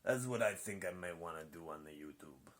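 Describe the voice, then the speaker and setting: A man's voice: low-pitched, lively intonation, brisk, a bit bright. A man chatting into his phone at home late at night while he stretches, joking and mocking himself, and trailing off mid-thought. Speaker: vlogger reviewing a show. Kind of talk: rambling casual chat while stretching.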